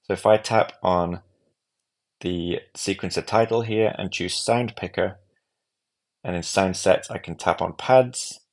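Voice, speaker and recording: Low, gravelly man explaining an app. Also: measured pace. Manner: calm, methodical step-by-step explaining. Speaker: app tutorial presenter. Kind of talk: screen-recorded software walkthrough.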